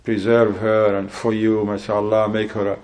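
A man giving a religious sermon in English, telling a story and acting out both sides of a conversation in a lively, rising voice. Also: on the low side, moderate pace. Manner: acts out dialogue in an animated, rising voice; non-native English with Arabic religious terms. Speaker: Islamic preacher.

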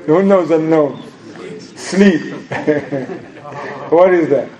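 A man's voice: moderate pace, dull audio. A man teaching an Islamic studies class, mixing English with Arabic terms and quizzing his students. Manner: acts out inner voices in a lower, quieter tone.

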